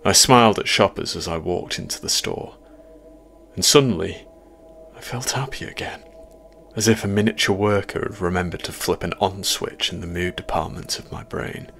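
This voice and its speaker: A man reads a first-person horror tale in a measured, quietly ominous manner. His voice sits very low, with a rough, gravelly edge. A faint hiss of noise lies under the reading. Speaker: horror story narrator.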